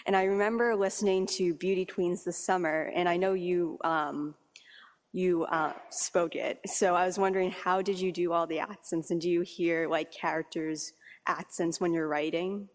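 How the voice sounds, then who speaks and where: A woman's voice: fairly low pitch, fairly even intonation, normal speed. A woman in the audience asking a question, hesitant with fillers. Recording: long hall reverb.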